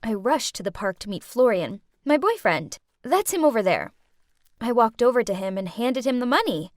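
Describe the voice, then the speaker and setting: A woman's voice: on the high side, sing-song, moderate pace, dry recording, studio quality. A woman telling a scripted first-person storytime in a chatty, dramatic teen persona. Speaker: storytime narrator.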